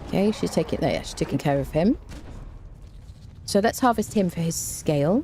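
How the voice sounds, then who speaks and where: A woman's voice: lowish voice, animated, normal speed, mellow, slight background noise. A woman streamer giving chatty, rambling live commentary while she plays a game, often saying "there you go.".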